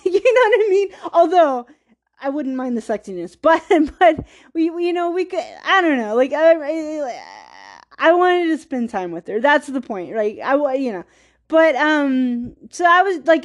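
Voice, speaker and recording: A high-pitched woman host meanders through a personal story on her podcast, saying "like" over and over. Her laughs are self-deprecating and a bit wistful.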